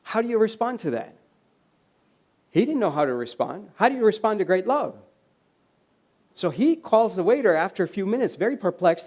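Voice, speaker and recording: A man from the USA giving a storytelling keynote at a university event, animated and laughing often as he acts out the people in his stories. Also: high voice, normal speed, long pauses. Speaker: keynote speaker. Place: university event hall with audience.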